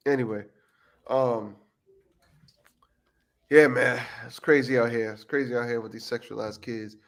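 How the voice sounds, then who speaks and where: A man co-hosting a late-night podcast stream in a tired, rambling way. He jokes at his own expense, swears a lot and lets his sentences trail off. His voice sits at an everyday middle pitch. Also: fairly even intonation, a little slow. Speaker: podcast co-host. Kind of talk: casual livestream podcast chat.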